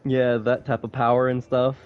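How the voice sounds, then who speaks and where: A man co-hosting a podcast in casual chat, relaxed and a little hesitant, often laughing. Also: medium pitch, moderate pace, clean tone, phone-quality sound, faint music behind. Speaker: podcast co-host.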